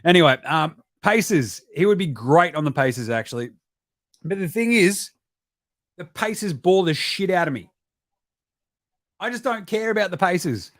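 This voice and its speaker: An Australian man rants about basketball in an animated way, swearing freely and slipping into mocking shouts. His voice sits fairly high for a man. The sound is close and dry, with no room echo. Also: normal speed, pauses often. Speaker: basketball podcast host. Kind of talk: profane casual live-stream commentary.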